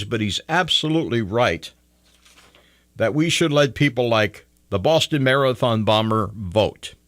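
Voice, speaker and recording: Wisecracking talk radio host, low voice. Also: male voice, no echo. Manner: wisecracking, sarcastic, lively. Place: radio studio. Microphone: studio microphone.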